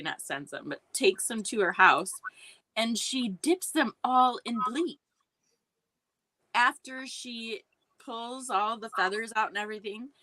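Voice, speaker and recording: A woman co-hosting a talk show, chatting in an amused, unhurried way. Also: fairly high pitch, sharp tone, no echo, low-quality recording. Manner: slow, amused, reacting with laughter. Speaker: podcast co-host. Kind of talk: casual chat.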